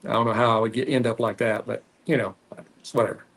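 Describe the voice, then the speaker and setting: A man with a Texan accent hosting a cigar podcast, rambling casually with frequent pauses while he smokes. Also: mid-range voice, flat delivery, fairly bright tone. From Texas. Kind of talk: casual solo chat while smoking.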